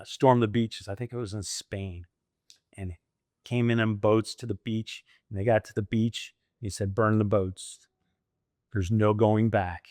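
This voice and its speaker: A franchise owner in his fifties from the US recounts his career as a guest in a casual interview, often laughing and acting out voices. He speaks in a lowish voice, captured cleanly in a studio without echo.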